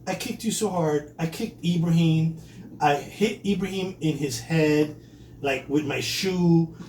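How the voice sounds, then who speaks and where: A man's voice: on the high side, unhurried. A man co-hosting a casual chat, telling stories with lots of laughter and swearing. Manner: animated storyteller, laughs often, swears freely. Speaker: podcast co-host. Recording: echoey room, distant mic, faint noise.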